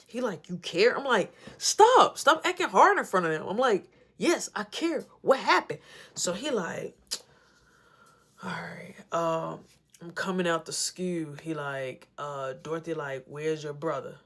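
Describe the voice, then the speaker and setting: A woman's voice: on the low side, expressive, measured pace, a bit bright. A woman telling a casual story, acting out both sides of the dialogue in a rambling, back-and-forth way. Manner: rambling retelling with many repeats of "I'm like".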